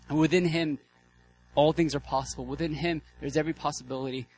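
Excitable, casual young-sounding preacher man. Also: medium pitch, fairly quick, soft background music, poor audio. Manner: casual, excitable, lots of fillers and restarts. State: out of breath. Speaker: guest preacher. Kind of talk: sermon.

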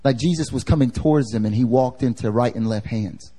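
A man's voice: medium pitch, brisk, warm tone, husky. Casual, slangy man preaching a sermon. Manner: casual and slangy, asks the congregation questions. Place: church service.

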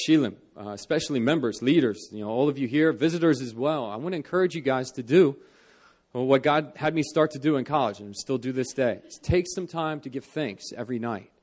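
Delivering an earnest church sermon, a young man with a slightly mellow voice lifts his volume to stress points and lowers it during the solemn passages.

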